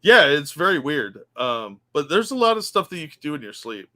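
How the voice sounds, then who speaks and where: A man's voice: on the high side, very animated, a little fast, sharp tone. A man co-hosting a casual podcast, chatty and joking as he explains stories. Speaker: co-host.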